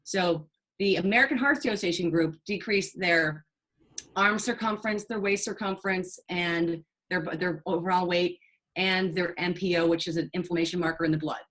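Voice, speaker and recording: A middle-aged woman nurse, a guest, telling a story in an animated, chatty way. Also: fairly low pitch, moderate pace, rough recording. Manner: animated, chatty, with fillers and restarts. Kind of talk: casual storytelling in a conversation.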